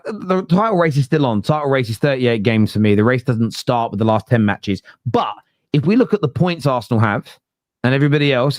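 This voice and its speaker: A man's voice: medium pitch, no room sound, clean studio sound. A man, hosting a casual football debate podcast, blunt and talking through stats. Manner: blunt, animated, quotes stats.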